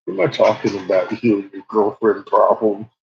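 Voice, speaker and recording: A man's voice: fairly low pitch, moderate pace, vocal fry, a little mellow, slightly rough. A man chatting casually as a vlog host, laughing often as he talks about his dogs. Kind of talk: casual chat. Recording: dull lo-fi recording.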